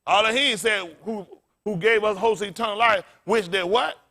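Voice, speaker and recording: High-voiced animated preacher man. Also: moderate pace. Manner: loud call-and-response preaching, blunt and profane; animated, often laughing. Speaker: pastor. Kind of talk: sermon.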